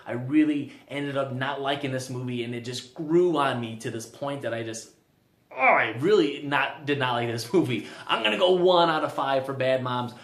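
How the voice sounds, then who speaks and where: A man's voice: mid-range voice, reverberant. Rambling young man reviewing a movie. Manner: rambling, stammers with restarts, frequent "like". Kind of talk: casual spoken film review.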